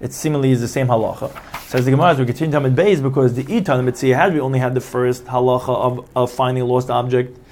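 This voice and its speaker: A man's voice: medium pitch, steady tone, quick pace, a little mellow. A man giving a Talmud study lecture, explaining step by step, restating each point and acting out the quoted claims. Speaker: Talmud teacher.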